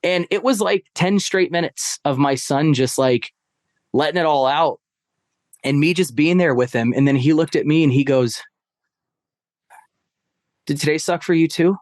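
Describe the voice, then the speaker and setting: A man's voice: a little high, moderate pace, pauses often, darkish tone, no room sound, clean studio sound. A man in casual storytelling, a stepfather talking about his family, rambling with many fillers. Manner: rambling, heavy on fillers like "like" and "right?". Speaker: podcast guest.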